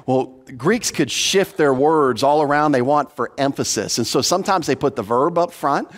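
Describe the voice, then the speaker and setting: A man's voice: fairly high pitch, lively intonation, moderate pace. Pastor guy explaining verse by verse, earnest, repeats himself for emphasis, echoey church sound. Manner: earnest, teacherly, repeats words when stressing a point. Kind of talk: expository sermon. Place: church hall. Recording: long hall reverb.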